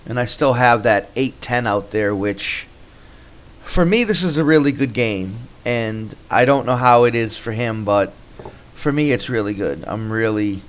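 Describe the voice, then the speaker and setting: Male gameplay host, mid-pitched, relaxed think-aloud commentary with restarts.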